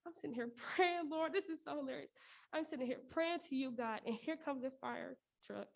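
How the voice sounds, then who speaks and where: A woman's voice: high-pitched, a little fast, gravelly. A woman performing a spoken word piece as a prayer monologue, earnest and pleading, with laughs breaking through. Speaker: poetry performer.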